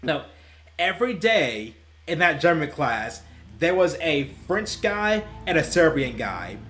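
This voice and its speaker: A man's voice: fairly high pitch, sing-song, unhurried, fairly bright tone. A young man and gaming YouTuber telling stories casually, rambling and laughing at his own tales, with faint music behind him. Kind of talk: casual storytelling while playing.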